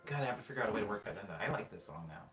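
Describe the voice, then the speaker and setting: A man's voice: lowish voice, animated, very fast, recorded from a distance. A man with a Southern American accent, chatting casually on a livestream, musing aloud and answering viewers. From United States. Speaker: livestreaming musician. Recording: roomy, mic set back, music behind.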